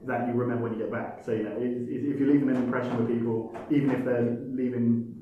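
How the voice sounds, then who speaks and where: Fast-talking man, echoey lo-fi recording. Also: mid-range voice, little pitch movement, background noise. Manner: rambling, many restarts, crude joking. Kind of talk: casual podcast chat. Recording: echoey room, dull lo-fi sound.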